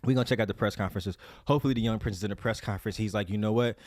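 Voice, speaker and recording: A man hosting a sports fan show, talking in an excited, hyped rant with loud call-outs, repeated phrases and preacher-style chants. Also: lowish voice, rapid-fire, no echo, studio quality.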